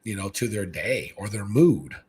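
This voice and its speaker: A man from Hawaii, a guest on a casual podcast chat, talking excitably and saying "man" constantly. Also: moderate pace, crowd noise. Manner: excitable, says "man" constantly, jumps into high animated quoted voices. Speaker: guest, fish-keeping content creator.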